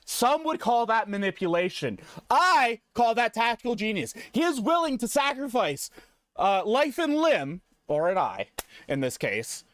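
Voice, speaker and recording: Male streamer, animated and swearing, mock-serious delivery, dry close mic. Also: high-pitched, no echo. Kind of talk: comedic slideshow rant.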